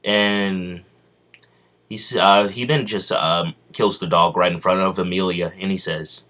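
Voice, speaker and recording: Man, deep low voice, casual fan storytelling, rambling, halting. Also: steady tone, pushed and bright.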